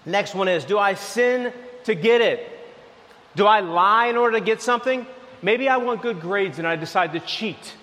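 A man preaching a sermon, telling a lively everyday story, then dropping to soft, low lines. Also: moderate pace, in a large hall. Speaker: pastor.

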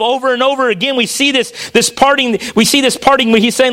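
A man's voice: extremely high pitch, fairly quick, hardly any pauses, fairly bright tone. A man preaching a sermon, reading scripture passages aloud with emphasis.

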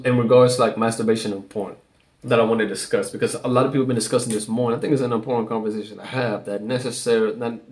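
Hosting a solo podcast, a man with a medium, darkish voice rambles casually. His talk is loose and profane, full of swearing and "like" fillers.

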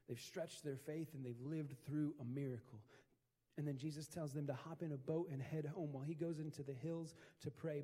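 A man's voice: on the high side, warm tone. A man preaching a sermon as a pastor, in a conversational storytelling style with casual slang. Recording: long hall reverb.

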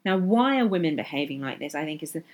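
A woman's voice: deep voice, expressive, fast, darkish tone. A woman hosting a solo podcast, talking earnestly and with passion, driving her points home by repeating them. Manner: earnest, impassioned, emphatic repetition. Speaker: podcast host.

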